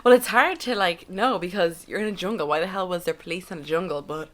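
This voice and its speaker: A young Irish woman chatting candidly as a podcast guest, with quick asides. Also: lowish voice. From Ireland. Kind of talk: casual podcast chat.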